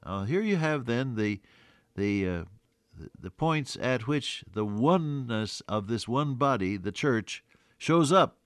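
An older man preaching a sermon, teaching slowly and deliberately from a Bible passage, with frequent hesitant restarts. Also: medium pitch, animated, clear, resonant tone, dry recording, clean studio sound.

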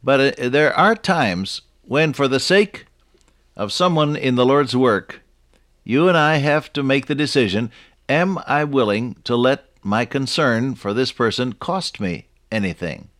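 A man giving a Bible sermon in a relaxed, talky way, turning to his listeners with questions like "isn't that true?" and chuckling at his own stories. His voice sits at an ordinary male pitch, recorded close and dry with no room sound. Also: a little slow, no room sound. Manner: conversational, asks listeners rhetorical questions. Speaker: preacher.

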